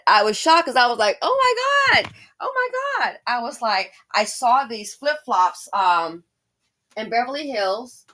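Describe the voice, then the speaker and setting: A woman hosting a casual commentary monologue, speaking straight to her viewers with exclamations and rambling asides. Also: medium pitch. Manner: animated, talks straight to viewers. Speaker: commentary channel host.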